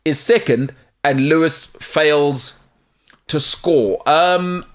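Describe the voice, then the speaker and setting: A sports talk show host joking around in a put-on Irish accent, rambling and playful. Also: male voice, a little high, extremely slow. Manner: rambling, playful, self-interrupting. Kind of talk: casual sports banter.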